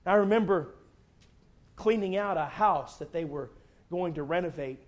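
Fervent middle-aged preacher. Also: male voice, sits high, normal speed. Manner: fervent, dynamic swings from hushed to shouting. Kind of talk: sermon with altar call.

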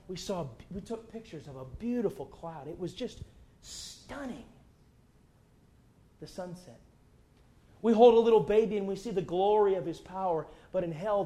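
A fervent middle-aged preacher, his voice sitting a little higher than most men's. He swings from near-whispers to full-throated cries as he pleads with the congregation. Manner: fervent, dynamic swings from hushed to shouting. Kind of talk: sermon with altar call.

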